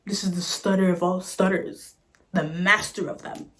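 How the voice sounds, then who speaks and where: A woman's voice: lowish voice, level tone, a little slow, fairly bright tone. A woman vlogger telling a story in a casual chat, sassy and exasperated, recorded on a phone camera.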